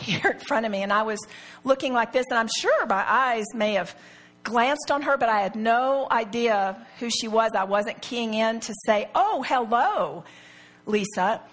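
A middle-aged woman with a fairly high, fairly bright voice leads a Bible study as a personal teaching talk to a group. She speaks to the room earnestly and confidingly, often turning to the listeners with rhetorical questions.

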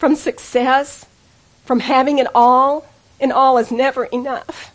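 A woman's voice: high-pitched, little pitch movement, unhurried. A woman giving an earnest personal testimony sermon to women, storytelling intimately and pleading with the listeners. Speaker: women's speaker.

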